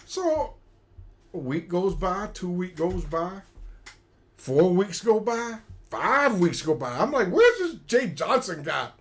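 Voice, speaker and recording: A man's voice: sits high, very animated, slow pace, fairly bright tone. A middle-aged man, a retired soldier, tells stories casually on a livestream and acts out the quoted dialogue. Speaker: retired special forces soldier, guest.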